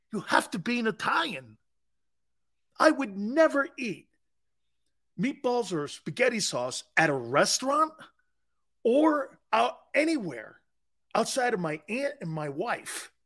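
A man hosting a sports talk show, chatting casually, joking and laughing as he answers viewers' comments. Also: very high voice. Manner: joking, laughing, wide swings in loudness. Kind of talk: casual chat, reading live chat.

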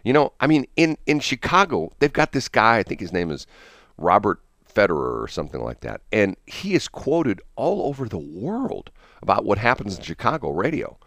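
Deep-voiced rambling male radio host. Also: wildly swooping pitch, moderate pace, fairly bright tone, no room sound, studio quality. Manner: rambling, chuckling, many restarts. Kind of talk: casual morning show chat.

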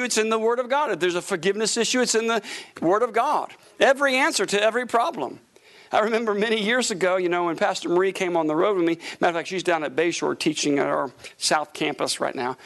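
A man's voice: high voice, fairly bright tone. A middle-aged man pastor preaching a sermon, telling stories with animation and often repeating "Praise God, amen.".

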